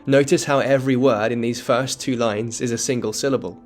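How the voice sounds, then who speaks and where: A man giving scripted educational narration that explains a play, in a measured, dramatic storytelling tone. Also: mid-range voice, fairly even intonation, soft background music. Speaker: literature explainer.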